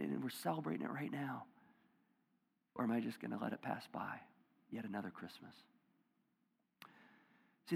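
A male pastor giving a conversational sermon, dropping to hushed near-whispers and rising to loud emphatic bursts. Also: a little high, vocal fry, breathy edge, in a large hall. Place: church auditorium.

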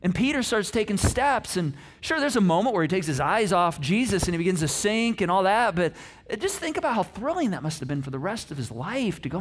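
A middle-aged man preaching a conversational sermon, animated and acting out the quotes he tells. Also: high voice, moderate pace, slightly rough. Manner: conversational, animated, acts out quotes, frequent restarts. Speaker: pastor.

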